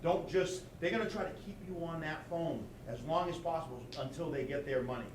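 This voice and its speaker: A man's voice: fairly high pitch, fairly quick, recorded from a distance. A man giving practical advice at a community talk on scams, acting out a fake phone call along the way. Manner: direct and practical, acts out scam calls. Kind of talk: informal safety advice talk. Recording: roomy sound from away from the mic, faint background noise.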